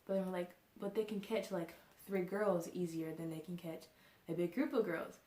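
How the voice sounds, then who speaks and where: A woman's voice: on the low side, fairly even intonation, normal speed, dark tone. A young woman vlogger telling a casual storytime, rambling and full of fillers like "like" and "you know". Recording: echoey room.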